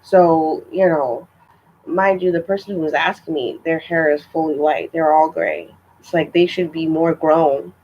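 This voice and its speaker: A woman's voice: low-pitched, steady tone, unhurried, darkish tone, dull audio, slight background noise. A young woman telling a story in a casual vlog, chatty and exasperated, with lots of filler words. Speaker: vlogger.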